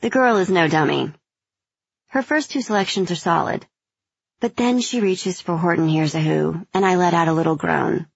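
A woman narrating a first-person audiobook in a measured, gentle storytelling manner. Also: sits low, gravelly, husky, no echo, muffled recording.

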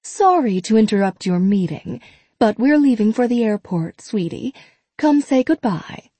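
A woman voicing a bright, sing-song mother. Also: fairly high pitch, sing-song, a little slow, no echo. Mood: cheery. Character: cheerful, affectionate middle-aged mother.

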